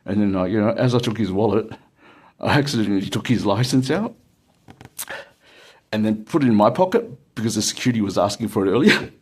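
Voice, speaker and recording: A low, husky Australian man spins a loose, meandering story. He leans on "um" and "like," circles back on himself, and laughs his way through it. It sounds like an easygoing personal tale told straight to camera. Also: animated, fairly quick, pauses often, a little mellow. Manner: rambling, many fillers and laughs. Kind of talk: casual anecdote telling.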